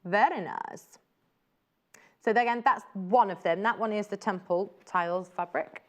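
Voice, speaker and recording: A woman hosting a live TV shopping segment, chattering warmly about each piece and breaking into delighted exclamations. Her voice sits at a middling pitch and she keeps the patter flowing in an easy, informal way. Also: measured pace. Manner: chatty and gushing, exclaims over fabrics. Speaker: shopping channel presenter. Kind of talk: live TV selling chat.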